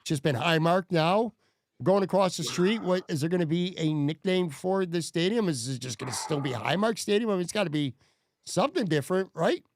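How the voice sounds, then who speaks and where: A man hosting a sports podcast in casual chat, relaxed and hedging with fillers. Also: sits high, fairly quick, no echo, studio quality. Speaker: podcast host.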